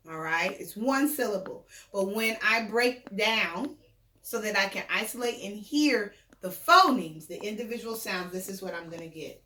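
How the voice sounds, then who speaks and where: A woman's voice: mid-range voice, pushed and bright, slight background noise. Patient woman teaching phonics, echoey room. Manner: patient, encouraging, sounds out phonemes slowly. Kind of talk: remote phonics lesson for children.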